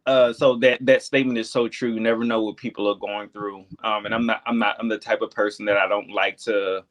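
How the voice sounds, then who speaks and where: A man of thirty, a podcast guest, talking candidly in a hesitant, reflective way with many pauses and filler words. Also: fairly low pitch, flat delivery, a bit bright. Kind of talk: candid conversation.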